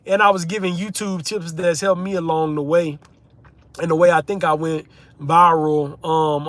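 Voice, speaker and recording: A man's voice: a little high, a bit bright. A young man from the United States hosting a casual livestream, reading out viewer comments in a laid-back, chatty way. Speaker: livestream host, content creator.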